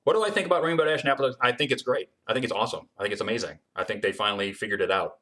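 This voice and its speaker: A man's voice: mid-range voice, very fast, bright, forceful tone. A man answering chat questions and demonstrating guitar building in a casual livestream, chatty and full of ums. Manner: chatty, many ums, reads questions aloud.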